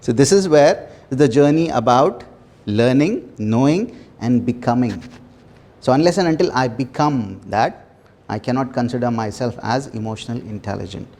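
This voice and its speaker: A man leading a small self-development workshop, talking earnestly with repeated phrases and soft laughs. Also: medium pitch, lively intonation, moderate pace. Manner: earnest, repetitive, laughs softly between phrases. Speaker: workshop facilitator. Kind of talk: motivational workshop talk.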